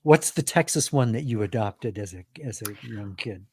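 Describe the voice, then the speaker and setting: American man asking measured questions. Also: fairly low pitch, lively intonation, a little mellow, breathy edge, no room sound, studio quality. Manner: brief prompts and follow-up questions. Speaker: interview host. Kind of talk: interview.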